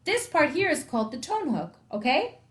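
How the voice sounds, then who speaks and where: A woman's voice: high voice, sing-song, normal speed, voice pushed up. Storybook read-aloud: woman voicing a jokey, reassuring male ear doctor. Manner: cheerful, reassuring explanations.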